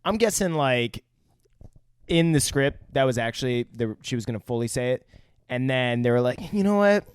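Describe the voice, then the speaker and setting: A man's voice: medium pitch, moderate pace, clear, resonant tone, no room sound. A man co-hosting a podcast, joking in laid-back, profane banter. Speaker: podcast co-host. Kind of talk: casual comedic chat.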